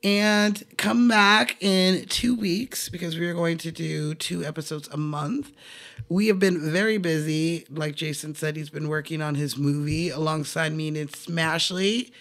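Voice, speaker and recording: A woman's voice: low-pitched, steady tone, unhurried, fairly bright tone. A woman co-hosting a podcast in casual chat over drinks, brash and joking, swearing freely. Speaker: podcast co-host.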